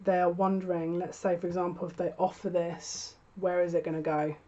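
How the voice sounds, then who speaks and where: Low, flat-voiced woman reading tarot. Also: brisk, dull audio. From United Kingdom. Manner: musing, hesitant, thinks aloud with restarts. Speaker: tarot reader.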